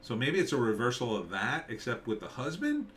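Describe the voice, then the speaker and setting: A man's voice: medium pitch, sing-song, a little fast, a bit bright, slight background noise. A middle-aged man, a screenwriter, giving casual rambling commentary on a movie trailer, thinking aloud with many fillers and restarts. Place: at home with a dog nearby.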